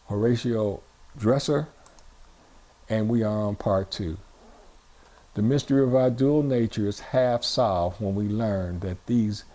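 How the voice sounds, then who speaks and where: Gravelly male pastor preaching. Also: medium pitch, mellow. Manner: repetitive, call-and-response preaching. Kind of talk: sermon. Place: church.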